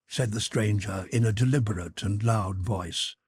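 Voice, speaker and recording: A man reading a classic novel as an audiobook narrator in a steady, even storytelling voice. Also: fairly low pitch, unhurried, hardly any pauses, husky, no room sound.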